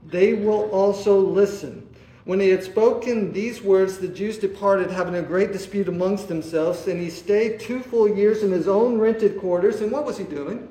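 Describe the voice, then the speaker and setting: A man preaching a sermon, asking his listeners rhetorical questions and often pausing on "uh". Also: sits high, warm tone. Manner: asks the listeners rhetorical questions, with many "uh" fillers. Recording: echoey room.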